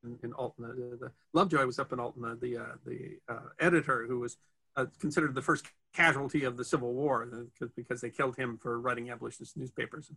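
A man's voice: medium pitch, steady tone, quick pace, gravelly, sharp tone, husky. A man, a guest in an interview, telling history stories in a rambling chat full of restarts and fillers. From United States.

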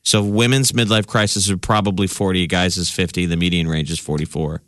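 A man's voice: low-pitched, steady tone, brisk, a bit bright, dry recording. A man with a Southern US accent hosting a casual chat, reading out study figures and trading asides with his co-hosts. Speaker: podcast host.

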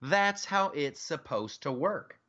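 Podcast guy riffing on politics, bright voice, kinda muffled lo-fi sound. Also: on the high side, animated, slow. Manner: joking, rambling, with restarts. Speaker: podcast host. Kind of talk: casual political chat.

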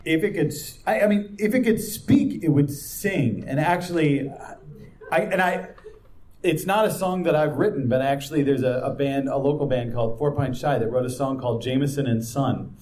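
A man's voice: mid-range voice, normal speed, darkish tone. A man chatting as a guest, flustered and stammering. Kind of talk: casual chat.

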